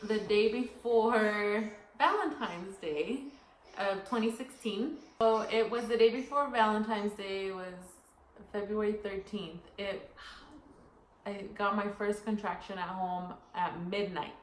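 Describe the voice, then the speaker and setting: A young woman chatting casually as a co-host, telling a long story in a rambling, animated way. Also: medium pitch, unhurried. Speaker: podcast co-host. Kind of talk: casual chat. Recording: echoey room, faint noise.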